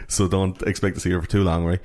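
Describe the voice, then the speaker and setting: A man's voice: deep voice, flat delivery, quick pace, a little mellow. A man chatting casually on a podcast, retelling film scenes in a rambling way full of fillers and restarts.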